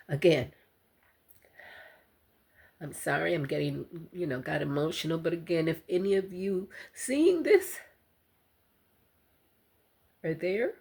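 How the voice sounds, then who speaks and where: Older woman talking slow and husky, halting and heartfelt, like a personal vlog to the camera. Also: lowish voice. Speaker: vlogger. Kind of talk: emotional personal testimony to camera.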